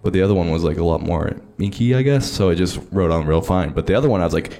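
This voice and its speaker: A man casually telling a self-mocking story on a panel, laughing often and getting animated. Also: low voice, fast. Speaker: DJ on a convention panel.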